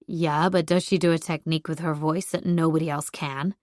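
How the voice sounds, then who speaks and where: A woman voicing a prickly, grumpy young man in an audiobook, gruff and defensive. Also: low-pitched, steady tone, brisk, darkish tone, no room sound, studio quality, pitched below the performer's own voice, lightly acted. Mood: grumbling. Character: grumpy young man, prickly rival driving an old truck. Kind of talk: audiobook character voice.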